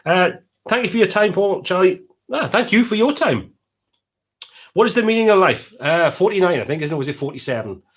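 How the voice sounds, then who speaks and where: A man's voice: sits high, expressive, a little fast, slightly rough. A man with a Welsh accent, casually chatting as host of a live stream and reading out viewers' comments.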